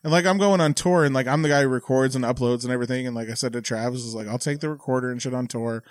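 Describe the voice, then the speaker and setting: A man's voice: mid-range voice, racing, dry recording. A man, a stand-up comedian, chatting casually on a podcast after a few drinks, rambling with lots of filler words and swearing. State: tipsy.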